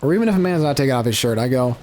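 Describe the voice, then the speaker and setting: A man's voice: medium pitch, expressive, rapid-fire, darkish tone. A man rambling through casual gameplay commentary as a let's play host, often breaking off mid-sentence and searching for words. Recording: game music playing behind.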